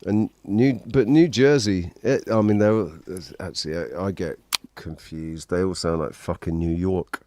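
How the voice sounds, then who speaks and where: A man chatting casually as a podcast host, rambling and halting and swearing now and then. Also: low voice, mellow, a little hiss or hum. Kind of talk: casual chat.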